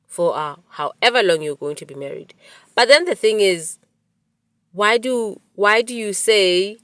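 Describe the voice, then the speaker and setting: A woman in her forties hosting a podcast, telling a personal story in an animated way, with many restarts. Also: lowish voice, no room sound. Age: 40s. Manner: animated retelling with quoted dialogue, frequent restarts. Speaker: podcast host. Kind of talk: storytelling monologue.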